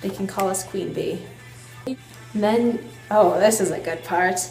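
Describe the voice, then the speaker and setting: A woman's voice: mid-range voice, measured pace, creaky, a little mellow, roomy sound, faint music behind, rough recording. Self-mocking young woman vlogger. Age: young adult. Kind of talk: reading an old letter aloud with commentary.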